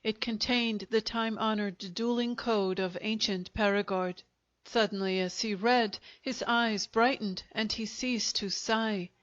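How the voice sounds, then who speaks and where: A woman with a mid-range voice reads a short story as an audiobook narrator, keeping her scripted delivery measured and even. The recording is dull and lo-fi.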